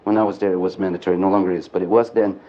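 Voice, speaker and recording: A man giving an animated storytelling lecture to a live audience at a men's gathering, joking and speaking bluntly. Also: deep voice, rapid-fire. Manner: animated and earthy, mixing jokes and blunt language. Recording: dull lo-fi archive tape.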